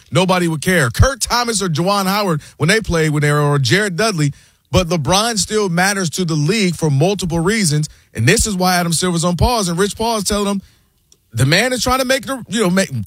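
A man's voice: high voice, fairly bright tone, no room sound, studio quality. A man co-hosting a sports talk show, making long, impassioned arguments and addressing his co-host by name. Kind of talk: animated sports debate.

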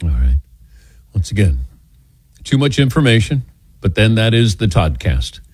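A man hosts a sports talk radio show in a lower voice that moves around a lot. His delivery is dry and wry. The sound is close and dead, with no room echo. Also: very animated, measured pace, a little mellow, breathy edge.

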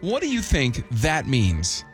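A man's voice: medium pitch, wildly swooping pitch, slow pace, faint music behind. A man hosting a morning radio show, bantering casually, teasing and laughing.

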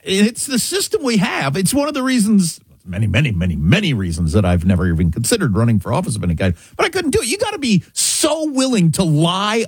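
A man's voice: high voice, a little fast, few pauses, husky, no echo, studio quality. A man co-hosting a talk radio show, chatting wryly. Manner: animated, chatty, wry. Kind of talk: casual talk radio banter.

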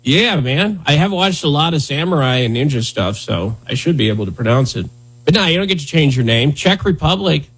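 A man's voice: fairly high pitch, lively intonation, a little fast, fairly bright tone, husky. A man hosting a talk radio show, riffing in a sarcastic, rambling, mock-indignant way. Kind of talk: casual comedic talk radio banter.

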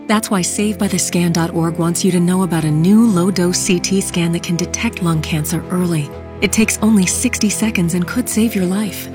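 Low-voiced woman reading a health notice. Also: normal speed, over music. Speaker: announcer. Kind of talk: public service announcement.

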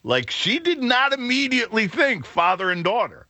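A middle-aged man hosting a radio show, telling a rambling story with many fillers and an animated, booming way of talking. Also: moderate pace, no echo. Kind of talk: storytelling chat.

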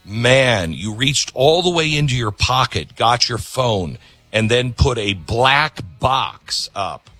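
Ranting sarcastic male host, bright and husky. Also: mid-range voice, animated, slow pace, no room sound, faint music behind. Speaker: radio talk host. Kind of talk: opinionated talk show monologue.

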